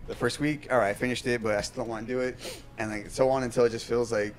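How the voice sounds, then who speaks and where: A man's voice: mid-range voice, fairly even intonation, quick pace, soft background music, low-quality recording. A man, co-hosting a casual podcast with joking, profane riffs. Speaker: podcast co-host. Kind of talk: casual chat.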